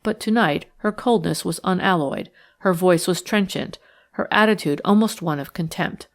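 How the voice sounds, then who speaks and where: A woman narrating a classic detective novel in a measured, even storytelling manner. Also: fairly low pitch. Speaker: audiobook narrator. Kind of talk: scripted narration.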